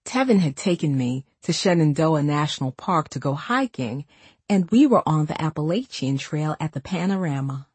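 A woman reading a first-person novel aloud in a steady, conversational way. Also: deep voice, normal speed, slightly rough, no echo. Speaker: audiobook narrator.

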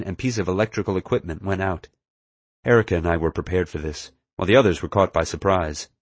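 A man's voice: low voice, no room sound. A man narrating an audiobook in the first person, telling the story expressively.

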